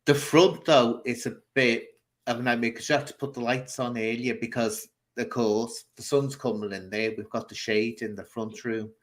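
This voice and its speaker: A man's voice: medium pitch, steady tone, normal speed. Chatty, blunt man host. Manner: chatty, rambling, blunt opinions. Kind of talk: casual chat.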